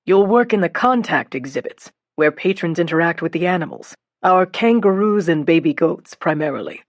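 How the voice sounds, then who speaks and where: A woman's voice: fairly low pitch, no echo, natural voice. A woman voicing a kindly older male zoo director. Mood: kindly formal. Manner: measured, pausing, friendly. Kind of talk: audiobook narration.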